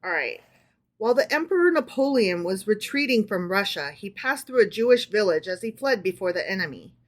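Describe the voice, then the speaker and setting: A woman's voice: medium pitch, expressive, fairly quick. A woman co-hosting a casual book club podcast, reading stories aloud and often checking in with her listener.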